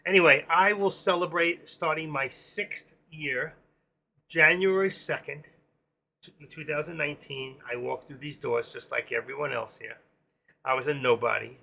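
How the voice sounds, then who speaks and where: A man's voice: on the high side, moderate pace, creaky, pushed and bright. A man hosting a casual live stream, rambling and joking as he talks to his viewers by name. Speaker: live stream host and room moderator.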